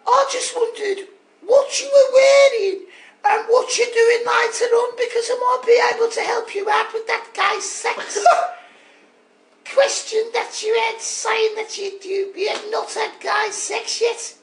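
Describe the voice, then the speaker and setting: A man putting on a loud cheeky Birmingham caller. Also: very high voice, fairly even intonation, unhurried, roomy sound, recorded from a distance, voice pushed up, heavily acted, poor audio. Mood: flirty. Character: cheeky male Birmingham caller, flirting loudly.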